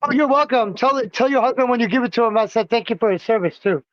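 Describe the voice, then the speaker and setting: A man's voice: very high voice, fast talker, no echo, highs cut off. A man hosting a casual livestream, chatting with viewers while doing a fiddly craft and swearing often. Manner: profane, grumbling, greets chat viewers. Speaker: livestream host.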